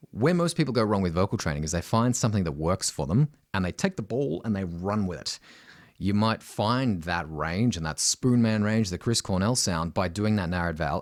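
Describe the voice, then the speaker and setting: A middle-aged Australian man teaching singing, talking directly and often asking "right?", breaking into loud high sung demonstrations. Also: no echo, clean studio sound.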